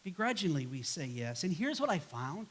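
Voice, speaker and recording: This pastor's fairly high, slightly rough voice is very animated as he preaches at a moderate pace in church. Conversational and casual, he illustrates points by acting out quoted voices that sigh and grumble.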